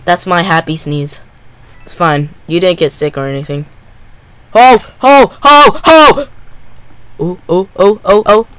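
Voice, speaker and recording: A man giving excitable live gameplay commentary, full of gasps and repeated exclamations. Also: on the high side, normal speed, smooth, no echo. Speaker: gaming channel host.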